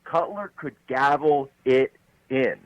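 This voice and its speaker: A man's voice: mid-range voice, slow, no echo, lo-fi sound. A man from Pennsylvania, a guest on political talk radio, laying out his case intensely, point by point. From Pennsylvania, USA. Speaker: guest commentator.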